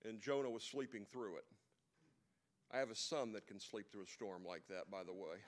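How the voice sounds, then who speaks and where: A man's voice: fairly low pitch, normal speed. Man preaching in a conversational storytelling style. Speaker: speaker at a men's breakfast. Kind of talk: sermon.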